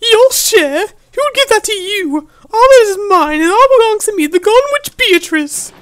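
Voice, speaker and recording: A woman's voice: extremely high pitch, lively intonation, normal speed, background noise. A woman voicing a little girl who has become a haughty, possessive witch, gloating in an amateur fan dub.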